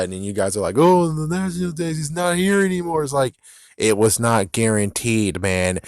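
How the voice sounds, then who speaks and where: A man's voice: on the low side, dry recording, clean studio sound. A man giving a ranting commentary on games, exasperated and profane, repeating himself as he vents. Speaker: gaming vlogger.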